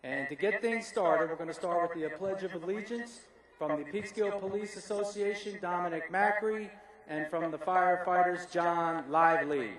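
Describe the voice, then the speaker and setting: A man's voice: sits high, moderate pace, a bit bright. A man emceeing a ceremony at an outdoor ballfield, upbeat and emphatic. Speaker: master of ceremonies. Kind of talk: ceremony announcing over a PA. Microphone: PA microphone heard from afar. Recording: very echoey PA from far off.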